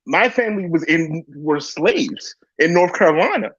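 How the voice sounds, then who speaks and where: A man's voice: on the high side, normal speed, no room sound, lo-fi sound. An American man on a live panel, talking bluntly and with plenty of swearing in a heated discussion. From United States. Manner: blunt, profane, animated.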